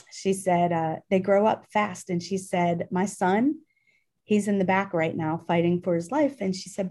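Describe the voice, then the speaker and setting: A woman's voice: lowish voice, measured pace. A middle-aged woman from Pittsburgh, a guest in an interview, telling a personal story in an earnest, emotional way, with many ums and restarts. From Pittsburgh, Pennsylvania.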